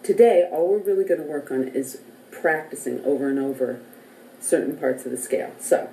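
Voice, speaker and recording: A woman teaching a casual singing lesson beside a piano, speaking and singing scale notes in her low morning voice. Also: lively intonation, moderate pace, dark tone, reverberant, low-quality recording. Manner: friendly, counts and sings scale notes. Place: relative's house, near a piano.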